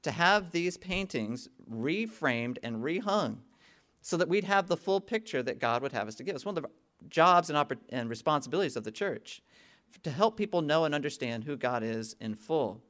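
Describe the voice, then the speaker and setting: A middle-aged man delivers a sermon in a slightly higher voice, talking to his congregation as if in conversation. He often checks in with them and pushes up into emphatic, lifted peaks before easing back down. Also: expressive, moderate pace, fairly bright tone. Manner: frequent "okay?" check-ins with the congregation. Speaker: pastor.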